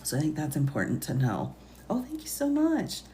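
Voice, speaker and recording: A woman attorney hosting a late-night livestream, chatting with viewers in a hushed voice with quiet chuckles, speaking from home. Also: low-pitched, huge pitch swings, moderate pace, slight background noise.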